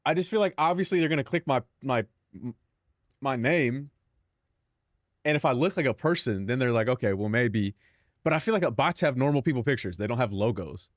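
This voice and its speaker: Young guy on a live stream, chatty and sweary, talks to himself a lot, mid pitch, dry close mic sound. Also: animated, fairly quick, no room sound. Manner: rambling, profane, talks to himself and chat. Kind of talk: casual live-stream chat.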